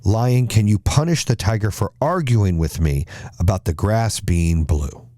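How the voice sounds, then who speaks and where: A man's voice: on the low side, a little slow, dark tone, dry recording, studio quality, natural voice. A man voicing a stubborn, boastful male donkey in a spoken fable, speaking insistently and drawing his words out. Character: stubborn, boastful male donkey who will not budge.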